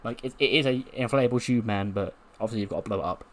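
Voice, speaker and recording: A man's voice: lowish voice, racing. A man casually narrating a wrestling sim storyline in a rambling way, full of fillers. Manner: rambling, full of fillers, laughs now and then. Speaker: game let's-play host.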